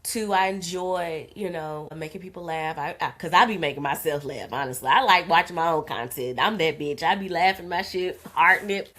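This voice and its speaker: A woman's voice: on the low side, normal speed, hardly any pauses, fairly bright tone. A woman in her forties, a content creator, telling a personal story in casual, candid talk, swearing freely and calling the listener honey, recorded on a phone in her car. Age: 40s. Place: in her car in a parking lot.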